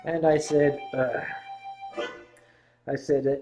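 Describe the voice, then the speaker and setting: A man's voice: high-pitched, lively intonation, normal speed, lo-fi sound, soft background music. Rambling American man telling stories. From United States. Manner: rambling, self-mocking, clears throat. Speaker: host. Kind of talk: storytelling on a livestream.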